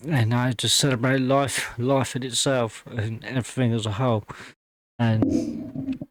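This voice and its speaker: A man hosting a music reaction video, talking in halting, emotional bursts full of fillers and restarts while fighting back tears. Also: mid-range voice, level tone, a little hiss or hum. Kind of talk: casual reaction commentary.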